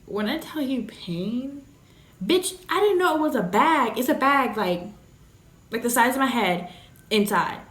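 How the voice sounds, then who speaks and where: A woman's voice: a little high, expressive, a little slow, fairly bright tone. A young woman vlogger telling a candid story in a blunt, joking, profane way. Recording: roomy echoey room.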